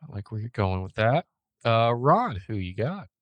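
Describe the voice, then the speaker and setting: A man's voice: medium pitch, big pitch swings, normal speed, no room sound, lo-fi sound. A man hosting a podcast in casual chat, rambling a little with fillers as he talks. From United States. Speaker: podcast host.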